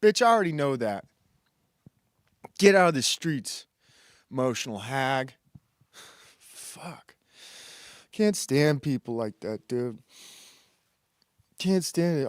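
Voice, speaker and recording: A man's voice: on the high side, clean tone, no echo, studio quality. Crude sarcastic man ranting. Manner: crude, sarcastic, rambling with laughs and mock voices. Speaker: host. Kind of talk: comedic commentary monologue.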